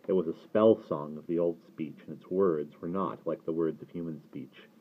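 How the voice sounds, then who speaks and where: Deep-voiced man reading a novel aloud. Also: fairly even intonation, normal speed, husky. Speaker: reader. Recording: tinny phone-like sound.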